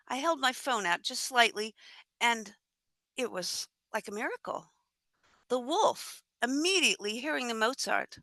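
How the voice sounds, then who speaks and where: Bright-voiced animated woman storyteller. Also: a little high, dry recording. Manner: animated, acts out her own thoughts and dialogue. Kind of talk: live tall-tale storytelling.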